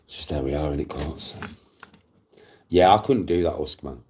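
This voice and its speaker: A middle-aged Englishman with a very low, mellow voice, chatting casually. He rambles, swears freely and circles back over his own phrases. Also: normal speed, slight background noise. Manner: rambling, profane, repeats himself. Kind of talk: casual storytelling chat.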